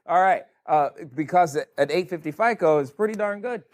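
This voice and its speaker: A man's voice: sits high, moderate pace. A man running a board game for a live seminar audience, teasing them with playful questions. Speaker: real estate educator running a board game. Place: event room in front of a live audience.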